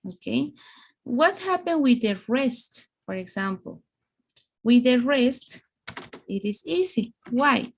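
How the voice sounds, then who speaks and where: Female English teacher, slow gravelly delivery, online class. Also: a little high, lively intonation, slight background noise. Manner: slow, explaining with examples. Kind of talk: online grammar lesson.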